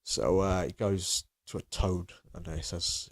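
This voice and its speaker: A man's voice: deep voice, little pitch movement, a little slow. A man co-hosting a comedy podcast, telling a story in a mock-serious murmur. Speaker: podcast co-host. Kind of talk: deadpan comic podcast banter.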